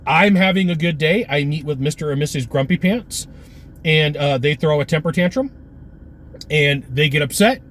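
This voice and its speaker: A man giving an energetic, punchy sales coaching talk with lots of repetition. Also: fairly high pitch, normal speed, slight background noise.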